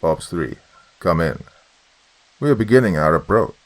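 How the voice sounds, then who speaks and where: A man's voice: low-pitched, expressive, normal speed. A man voicing a stern male cosmonaut on the radio, cold and indignant, speaking in clipped, formal radio talk.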